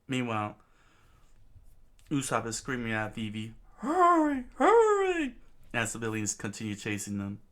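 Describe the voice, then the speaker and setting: A man's voice: lowish voice, fairly even intonation, normal speed, long pauses, fairly bright tone. A man casually reading a comic aloud, hesitant, with many fillers and self-corrections. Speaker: reader.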